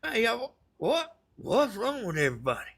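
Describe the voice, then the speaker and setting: A man's voice: extremely high pitch, wildly swooping pitch, normal speed, vocal fry, a bit bright, breathy edge. Folksy Southern man telling a story. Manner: folksy, rambling, colloquial. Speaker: vlogger. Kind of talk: casual storytelling to viewers.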